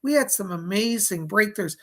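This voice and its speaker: A male psychic medium giving live-streamed readings, his hoarse voice rough and gravelly. He talks in a chatty, folksy way and thanks his viewers by name, with a husky edge under his words. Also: high-pitched, animated, moderate pace, sharp tone, rough recording.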